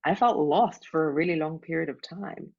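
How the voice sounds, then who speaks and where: A woman life coach talks openly and from the heart, her very low voice full of gravelly fry. The audio is dull and lo-fi, and she leans on casual fillers as she speaks. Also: moderate pace, a little mellow. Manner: open, heartfelt, frequent "like" and "right?". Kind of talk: casual interview chat.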